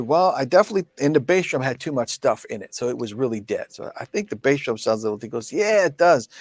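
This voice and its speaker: Animated male drum clinician, dry sound. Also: medium pitch, no room sound. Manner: animated, laughs often, acts out quoted speech. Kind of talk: casual storytelling talk.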